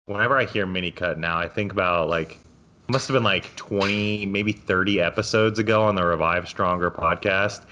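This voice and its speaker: A man's voice: low voice, normal speed, pushed and bright. A man hosting a casual podcast discussion, joking and self-deprecating as he gives coaching advice. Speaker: podcast host.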